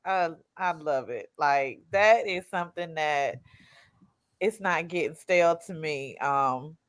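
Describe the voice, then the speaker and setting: A woman co-hosting a casual wrestling podcast, enthusiastic and quick to laugh. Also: low-pitched, dry recording, studio quality. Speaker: podcast co-host.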